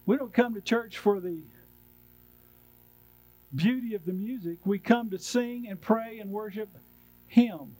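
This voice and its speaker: A man's voice: high voice, a little slow, long pauses, darkish tone, poor audio. A male pastor preaching a sermon in a church, driving his points home with repeated refrains.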